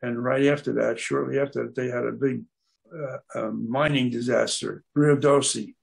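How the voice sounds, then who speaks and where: Older male storyteller with a very gravelly, husky voice who rambles and hunts for words. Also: medium pitch, fairly even intonation, moderate pace. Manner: meandering, searches for words with many fillers. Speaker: guest speaker at an aquarium club.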